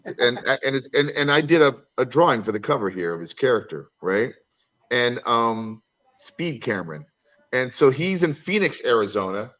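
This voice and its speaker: A man in casual chat as a guest, telling animated, rambling anecdotes over a video call. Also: medium pitch, moderate pace, muffled recording. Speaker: comics creator guest.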